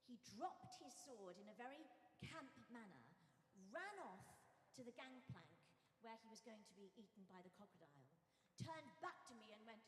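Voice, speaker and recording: An older woman giving an anecdotal tribute speech at a memorial service, telling stories in a lively way and acting out moments. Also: fairly high pitch, moderate pace, a little hiss or hum. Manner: animated storyteller who acts out moments. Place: large church. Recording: echoey church hall with faint music.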